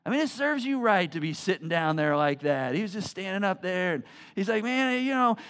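A man pastor telling a personal story in a sermon, with many stumbling restarts and a low, soft voice for serious points. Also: very animated, a little fast, smooth.

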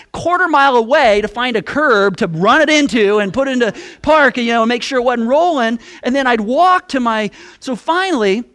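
A man preaching a sermon, telling a self-deprecating story in an animated way, with many restarts. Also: very high-pitched. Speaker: pastor.

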